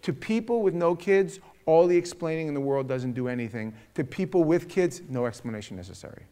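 A middle-aged man leading a casual parenting talk to a group, telling stories in a lively, animated way. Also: a little high, a little fast, smooth.

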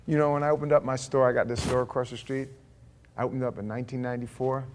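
A man in his fifties preaching a sermon in an animated way, acting out voices and asides. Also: medium pitch, slight background noise. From Florida. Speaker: pastor.

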